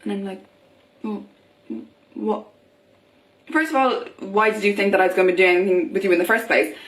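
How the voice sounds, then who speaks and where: A young woman talks casually to camera in a chatty vlog, her medium-pitched voice moving a little fast. She uses lots of fillers and acts out the voices of people she quotes, and the room is echoey.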